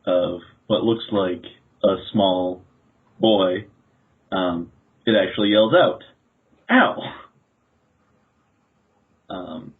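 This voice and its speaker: Slow, husky man narrating a fairy tale game. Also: on the low side. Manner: deliberate, with many pauses. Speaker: player narrating a storytelling game. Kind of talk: unhurried storytelling narration. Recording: tinny phone-like audio.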